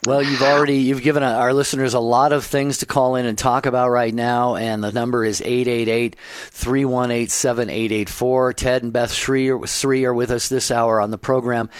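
A man hosting a call-in radio show, introducing guests and reading out the phone number with halting restarts. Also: mid-range voice, little pitch movement, dry recording. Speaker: radio host. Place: radio studio.

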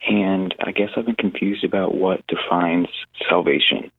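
A young man phones in with a halting question, searching for his words. His voice sits very low with a gravelly rasp. The tinny phone line strips away most of its fullness. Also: steady tone, dry recording. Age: young adult. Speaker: caller. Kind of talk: call-in radio question.

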